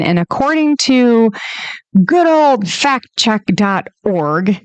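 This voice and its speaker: A woman hosting a podcast, talking casually and incredulously, often laughing and breaking into high exclamations. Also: darkish tone, no room sound. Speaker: podcast host. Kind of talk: casual commentary monologue.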